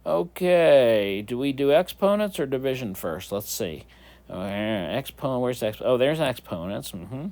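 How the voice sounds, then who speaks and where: A man's voice: mid-range voice, sing-song, moderate pace, darkish tone. A man teaching a whiteboard math lesson, in a playful, jokey voice that talks to the students like kids.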